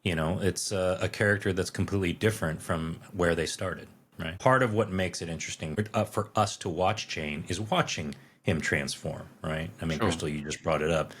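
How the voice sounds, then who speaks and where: A man's voice: deep voice, normal speed, hardly any pauses, a bit bright, a little hiss or hum. A man co-hosting a podcast in casual, conversational talk that often ends in tag questions. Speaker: podcast co-host.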